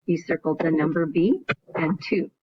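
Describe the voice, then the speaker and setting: In a dull, lo-fi video recording, a woman teaches math, going through each step in sequence and frequently asking "right?". She speaks at a moderate pace in a low, slightly rough voice.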